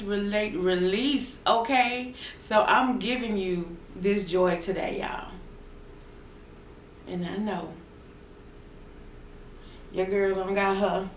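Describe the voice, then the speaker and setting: Woman vlogger, slow and playful, sing-song, laughs a lot, echoey room, faint background hum. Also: mid-range voice. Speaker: mukbang vlogger. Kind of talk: casual chat to camera. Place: at home.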